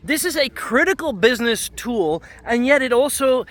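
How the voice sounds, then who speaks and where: A man's voice: very high-pitched, animated, moderate pace, a bit bright. A man hosting a leadership channel, giving casual talk-to-camera advice in an emphatic, conversational way and checking in with "okay?".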